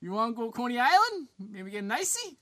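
A man's voice: extremely high pitch, very animated, fairly quick, bright, forceful tone, voice pushed up, full character voice. A man doing a put-on New York accent, playing a brash, chummy New York guy. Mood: playful.

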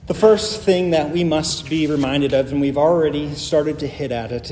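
A male pastor preaches a sermon emphatically, building each point through repeated phrases in a fairly high, darkish voice. He speaks at a moderate pace with hardly any pauses, and the recording has a slight hiss or hum plus the long reverb of a large hall.

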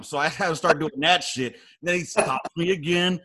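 A man telling army stories in casual chat, animated and profane, acting out loud quotes. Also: on the high side, brisk, few pauses, husky. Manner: animated storyteller, heavy swearing, acts out quotes loudly.

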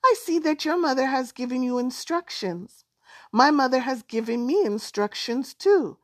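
A woman's voice: high voice, animated, normal speed, dry recording, clean studio sound, voice pushed up. A woman voicing a playful, sly young male snake who coaxes his friend in a spoken storybook tale. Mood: coaxing. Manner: coaxing, wheedling.

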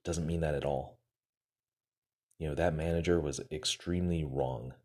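Man, very low pitch, husky tone, casual motivational talk, acts out quotes. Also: fairly even intonation, a little mellow. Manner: retells a story with quick acted-out quotes, many fillers.

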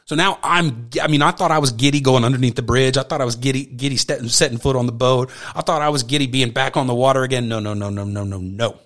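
Guy hosting his podcast, telling a story all excited, curses a bit, plain mid voice. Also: mid-range voice, quick pace, hardly any pauses. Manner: animated, swearing, tells stories with acted dialogue. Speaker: podcast host. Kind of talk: casual storytelling monologue.

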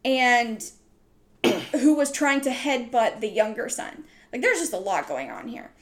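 A young adult woman with a voice on the high side tells a story on her podcast, expressive and at a measured pace. The telling is casual and rambling, with many "like"s and "um"s.

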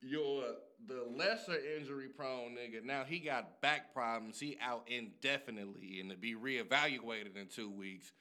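Man, bright forceful voice, casual sports banter, profane, animated. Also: medium pitch, moderate pace, few pauses. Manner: profane, animated, laughs often.

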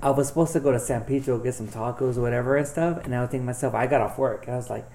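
Gravelly man telling rambling stories. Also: mid-range voice, rapid-fire, mellow. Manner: rambling, profane, heavy filler words. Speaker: podcast guest. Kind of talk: casual storytelling chat.

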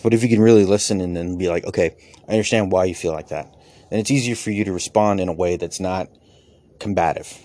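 A man's voice: deep voice, fast, warm tone. A man who does stand-up and podcasts, a father himself, talking in a rambling, candid way, with casual swearing. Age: adult with children. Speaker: comedian and podcaster. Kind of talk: casual personal reflection.

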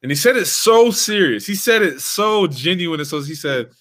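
Animated storytelling young man. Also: high-pitched, moderate pace. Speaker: podcast host, former player. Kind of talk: casual storytelling chat.

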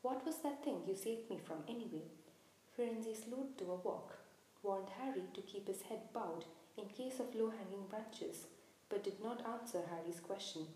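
A woman narrating a storybook in a measured, expressive reading. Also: mid-range voice. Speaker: audiobook narrator. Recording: very echoey room, faint hiss.

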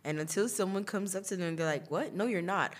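A woman's voice: lowish voice, brisk. A young woman hosting a podcast, telling a personal story in a chatty way, laughing often and using lots of fillers. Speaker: podcast host. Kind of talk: casual storytelling.

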